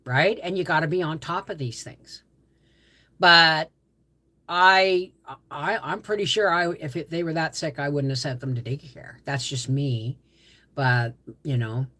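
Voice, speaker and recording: Low-voiced older woman chatting. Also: a bit bright. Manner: rambling, chatty, answers viewer comments. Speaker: livestream host. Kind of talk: casual livestream chat.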